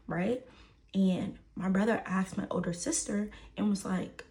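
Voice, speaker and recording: Speaking a little slowly, this young woman with a Southern Houston accent recounts a messy personal episode in a storytime vlog. Her mid-pitch voice has a clear gravelly fry, and her casual, lively delivery is animated: she performs each quoted line in character and repeats lines to drive them home.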